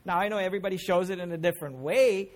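A man's voice: high-pitched, racing, a little mellow. A middle-aged man preaching a sermon as pastor, emphatic, with rising questions put to the congregation.

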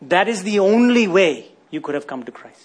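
A man's voice: high-pitched, very animated, moderate pace, husky. A man preaching a sermon, often asking his listeners rhetorical questions and tagging lines with "isn't it?".

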